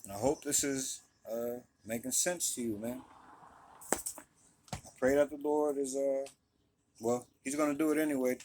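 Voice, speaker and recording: A man's voice: mid-range voice, steady tone, normal speed, long pauses, darkish tone, slight background noise. Casual man teaching from scripture. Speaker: Bible teacher. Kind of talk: casual Bible study teaching.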